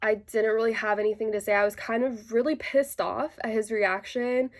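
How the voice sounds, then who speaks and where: A woman's voice: fairly high pitch, fairly even intonation, moderate pace. A woman casually telling a personal story to her viewers, chatty and full of "like" fillers, with an indignant edge. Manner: indignant retelling.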